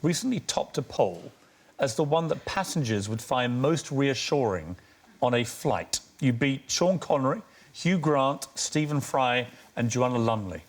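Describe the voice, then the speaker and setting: A man's voice: mid-range voice, expressive, a little slow. A man hosting an interview show, asking probing questions with wry, teasing remarks.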